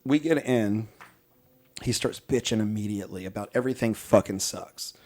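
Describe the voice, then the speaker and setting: A man's voice: on the low side, moderate pace. A young man, a podcast host, telling a long story in casual chat, full of swearing and fillers, and slipping into voices for the people he quotes. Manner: animated, profane storytelling, mimics people he quotes.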